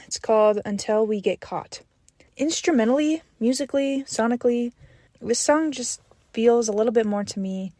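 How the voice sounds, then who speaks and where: A young woman talks through an album track by track, eager and rambling, often restarting her sentences. Her voice sits at an everyday pitch. The sound is dry and close, with no room around it. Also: warm tone, no echo. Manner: rambling, enthusiastic, many fillers and restarts. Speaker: podcast host reviewing an album. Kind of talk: casual solo album review.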